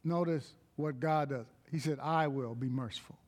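A man preaching a sermon, slow and emphatic, breaking into short exclamations of praise. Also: on the high side, a little mellow.

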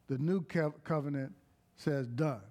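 A man preaching a sermon, slow and emphatic, breaking into short exclamations of praise. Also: on the high side, darkish tone.

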